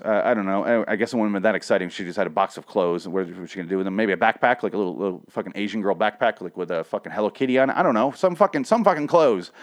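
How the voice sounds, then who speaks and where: A man giving a casual solo review, rambling and profane, with frequent restarts. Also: mid-range voice. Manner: swings from ranting to mumbling self-deprecation. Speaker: comic and TV reviewer.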